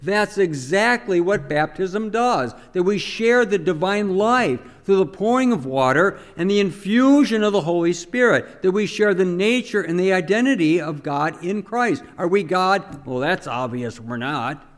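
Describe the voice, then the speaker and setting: Priest guy giving a homily, kinda high voice, long echo like a big church. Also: expressive, a little slow, few pauses. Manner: conversational, asks the congregation questions. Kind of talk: sermon.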